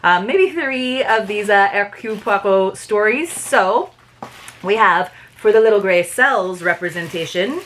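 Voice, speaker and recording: A woman's voice: mid-range voice, expressive, unhurried, fairly bright tone, a little hiss or hum. A woman reviewing a subscription book box in a chatty, casual way, laughing at herself and reading excerpts aloud. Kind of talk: casual review vlog with read-aloud passages.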